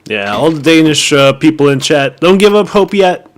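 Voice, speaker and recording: A man's voice: fairly high pitch, very animated, normal speed. A man calling a shooter match, wry and rambling, with lots of filler words. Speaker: esports caster. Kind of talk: play-by-play commentary. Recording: faint background noise.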